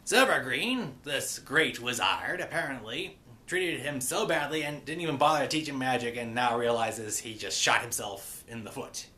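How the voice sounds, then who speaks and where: A man's voice: medium pitch, lively intonation, normal speed, bright, forceful tone. A man giving a rambling, casual recap of a cartoon episode, with many fillers and the odd playful pirate growl.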